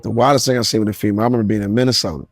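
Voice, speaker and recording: A man's voice: lowish voice, steady tone, rapid-fire, soft background music. A man telling a casual anecdote in a laid-back way, laughing now and then.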